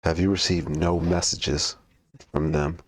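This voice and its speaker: A man's voice: low-pitched, level tone, a little slow, no room sound. A man speaking as a player in a casual tabletop game, stating his actions plainly.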